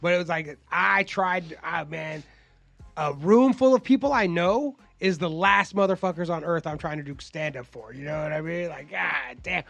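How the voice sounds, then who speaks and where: Bright, gravelly, high-voiced man, profane storyteller. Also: moderate pace, no echo, soft background music. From South Bay, California. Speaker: guest comedian. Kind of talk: casual podcast chat.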